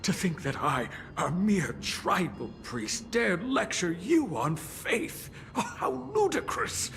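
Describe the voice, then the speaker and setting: An actor playing an older, devout and stubborn tribal priest who speaks gravely and formally. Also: male voice, high-pitched, sing-song, fairly bright tone, soft background music, exaggerated voice. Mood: shocked. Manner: grave, slow, formal speech.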